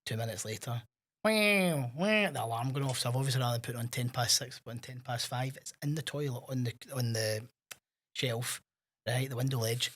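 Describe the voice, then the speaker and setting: A Scottish man co-hosting a podcast in casual chat, telling animated anecdotes and acting out the voices of people in his stories. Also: medium pitch, brisk. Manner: animated storyteller, acts out quoted voices. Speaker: podcast co-host.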